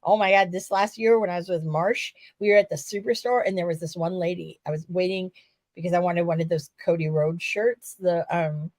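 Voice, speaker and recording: A woman co-hosting a casual wrestling talk show, rambling and animated, swearing now and then. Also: fairly low pitch, fairly quick, dry recording. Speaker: podcast co-host.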